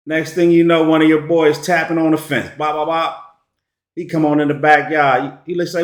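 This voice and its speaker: A man's voice: fairly high pitch, normal speed. A man giving a casual storytelling monologue as a relationship commentator, slangy and emphatic. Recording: echoey room.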